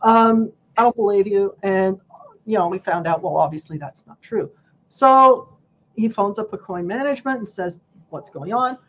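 A woman guest on a casual podcast, telling a story with animated, acted-out quotes. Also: mid-range voice, normal speed, dull audio.

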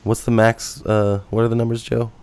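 A man's voice: mid-range voice, flat delivery, normal speed, darkish tone, clear, resonant tone, no echo. A man on a casual podcast taking part in a trivia quiz, joking, teasing and swearing freely. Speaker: podcast co-host and quiz contestant.

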